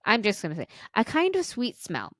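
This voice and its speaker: A woman's voice: mid-range voice, wildly swooping pitch, brisk, a bit bright, dry recording, clean studio sound. A woman podcast co-host reading a listener's story aloud, with small stumbles and restarts.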